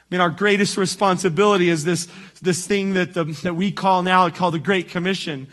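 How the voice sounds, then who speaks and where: A man preaches with a high, bright voice. He talks to the congregation conversationally, tossing in quick "right?" check-ins and starting sentences over as he goes. It comes across as a casual, direct sermon. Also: steady tone. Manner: conversational preaching, frequent "right?" asides and restarts. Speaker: pastor.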